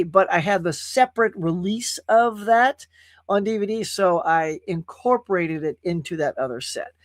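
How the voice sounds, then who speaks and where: A man hosts a casual livestream and reads out viewer comments as they come in. His talk is animated, with big swings in pitch and frequent laughs. The sound is dry and close to the mic. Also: no room sound. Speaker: host. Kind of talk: casual live-stream chat.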